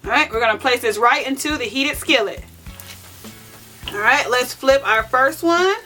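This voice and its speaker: Chatty high-voiced woman, bright tone. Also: normal speed. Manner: chatty, self-mocking, talks straight to viewers as "y'all". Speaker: vegan cooking channel host. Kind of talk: casual cooking vlog chat. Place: home kitchen. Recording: distant mic with faint music.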